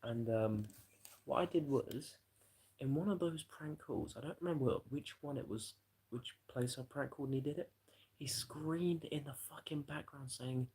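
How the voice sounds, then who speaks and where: Gravelly, husky man telling stories. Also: medium pitch, moderate pace, darkish tone. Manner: rambling, profane anecdote-telling. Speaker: livestreamer. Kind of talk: casual storytelling to a live chat.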